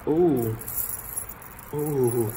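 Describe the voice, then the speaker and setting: A man's voice: mid-range voice, drawn-out words, dark tone, a little hiss or hum. A man hosting a casual vlog as he goes through storage unit finds, talking in a joking, teasing way. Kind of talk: casual chat.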